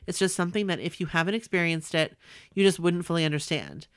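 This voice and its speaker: Smooth low-voiced woman in her forties. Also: fast, no room sound, clean studio sound. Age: 40s. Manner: earnest, emotional storytelling. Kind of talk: reading a personal letter aloud.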